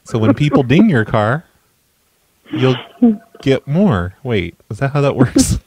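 A man hosting a comedy show, making prank phone calls in a stammering, mock-apologetic, deadpan way. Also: medium pitch, measured pace, slightly rough. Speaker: prank caller and show host.

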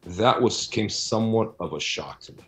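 A middle-aged researcher and author, appearing as a guest, answers interview questions about his research in a blunt, animated way as he argues his points. His voice is lowish and his pace moderate.

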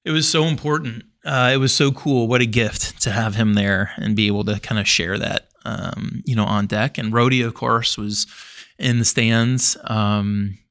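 A middle-aged man, a former swimmer, telling a long story in a casual interview, rambling and animated, full of fillers and restarts. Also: mid-range voice, moderate pace. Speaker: podcast guest, former Olympic swimmer.

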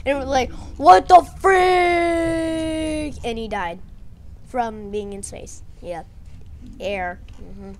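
A woman excitedly recapping a game fight in a rambling play-by-play, often correcting herself. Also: mid-range voice, slow pace, pauses often. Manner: excitable, self-correcting, mimics characters with shouts. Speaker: gameplay narrator. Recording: noisy home recording.

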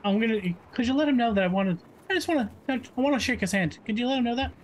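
A man's voice: very high-pitched, fast, slight background noise, poor audio. A man chatting playfully as a player in a tabletop game. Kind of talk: casual tabletop role-play.

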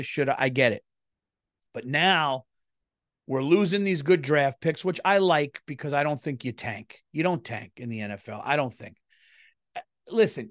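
A middle-aged man with a fairly high voice hosts his comedy podcast while feeling unwell, launching into a casual, profane rant. He's animated and swings between loud and quiet, in clean studio sound with no echo.

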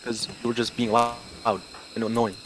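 A man's voice: mid-range voice, monotone, moderate pace, a little hiss or hum. A young man and student in a heated argument, insistent and aggrieved, pressing his point again and again. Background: music playing.

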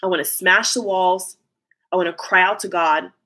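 A woman's voice: lowish voice, fairly even intonation, moderate pace, sharp tone. A woman voicing a remorseful lover who begs forgiveness in blunt, emotional first-person lines, delivered as a channeled message. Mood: pleading. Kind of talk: channeled message spoken aloud.

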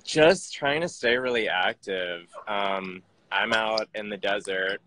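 Slow-talking man, bright dry voice. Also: on the low side, dry recording, rough recording. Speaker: guest. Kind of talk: casual video call chat.

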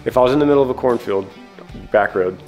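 A man's voice: medium pitch, fast, a little mellow, rough recording. Guy vlogging casually, bit winded, rambles and restarts, faint music behind. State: slightly out of breath. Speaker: vlog host and preacher. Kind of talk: casual vlog chat.

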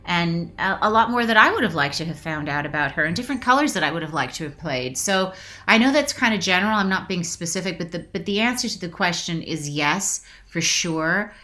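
Woman in her forties, actress guest, bright and fairly low voice, halting and reflective, near tears. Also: expressive. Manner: reflective, halting, many restarts. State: emotional, choked up. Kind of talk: casual video interview.

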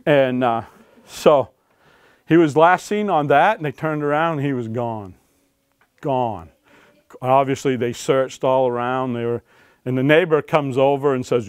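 A man's voice: mid-range voice, measured pace, clean tone. A man tells search and rescue stories to a crowd in a folksy way, often tagging "right?" onto his sentences. His voice sits in the middle range, and the sound is dry with no room echo. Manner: folksy, keeps checking in with "right?". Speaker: author and search and rescue dog handler. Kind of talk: storytelling talk to an audience. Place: public library talk.

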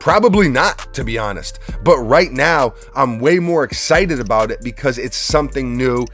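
A man's voice: medium pitch, expressive, moderate pace, fairly bright tone, soft background music. A man hosting a casual sneaker review vlog from his workshop, talking in a laid-back, joking, rambling way. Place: workshop studio.

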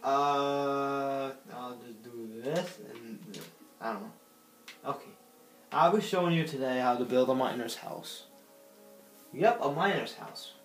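A man's voice: medium pitch, a little slow, soft background music. A man giving casual gameplay commentary, rambling and giggly, talking to himself while he plays. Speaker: gaming channel host. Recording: roomy echo.

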